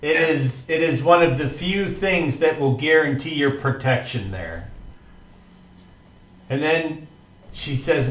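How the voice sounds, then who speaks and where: A man narrating as game master for a tabletop game, in a relaxed, hesitant way. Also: fairly high pitch, slow pace, pauses often. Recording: roomy echo, distant mic.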